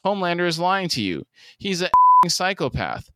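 A man's voice: medium pitch, expressive, normal speed, fairly bright tone, smooth, no room sound, voice pushed up, natural voice. A man voicing an angry, protective middle-aged father while reading the scene aloud. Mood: heated.

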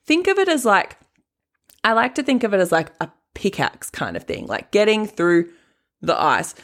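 A woman coach talking through a casual podcast monologue, chatty and quick to laugh, with plenty of "like" fillers. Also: medium pitch, huge pitch swings, a bit bright.

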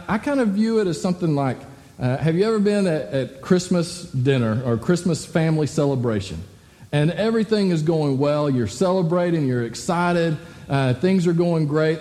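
A man's voice: fairly high pitch, dark tone, in a large hall. A male pastor giving a conversational sermon to a congregation, asking frequent rhetorical questions. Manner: conversational, full of rhetorical "right?" asides. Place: church hall with a congregation.

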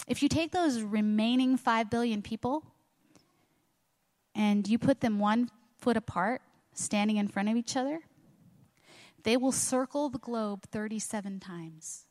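A woman's voice: fairly high pitch, unhurried, darkish tone. Woman pastor, middle-aged, earnest sermon delivery; church auditorium with long reverb. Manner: earnest preaching with rhetorical questions. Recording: long reverb of a large hall.

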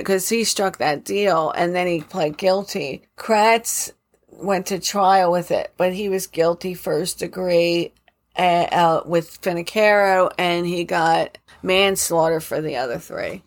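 A woman casually retelling a true crime case, indignant and conversational, with many fillers and restarts. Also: fairly low pitch.

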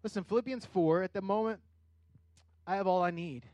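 Middle-aged male pastor, high-pitched, conversational sermon with animated peaks, dry recording. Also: a little fast, no echo. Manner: conversational preaching with rising animated bursts.

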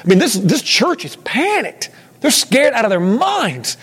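A man's voice: very high voice, wildly swooping pitch, measured pace, a bit bright, breathy edge. A man leading an interactive Bible lesson, talking casually and putting questions to the room. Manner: conversational, asks the room questions. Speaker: teacher leading a Bible study.

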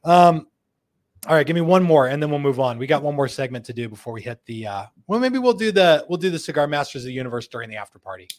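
A man hosting a live show, reading viewer comments one after another and riffing on each with jokes. His voice sits a bit high for a man, and he laughs often. He drops into quick put-on voices when he quotes someone. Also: very animated. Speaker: host.

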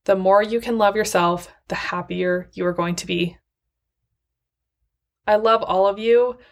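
A woman hosting a solo motivational podcast, speaking earnestly and encouragingly straight to her listeners. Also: mid-range voice. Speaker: podcast host.

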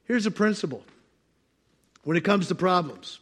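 A man preaching a sermon as pastor, animated and playful, acting out voices with bursts of laughter. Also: sits high, moderate pace. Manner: animated, acts out God's voice with laughter.

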